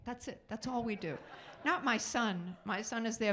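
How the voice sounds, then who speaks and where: A middle-aged woman doing a stand-up comedy set on a theater stage, chatty and self-mocking, with quick asides to the audience. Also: on the high side, fairly bright tone.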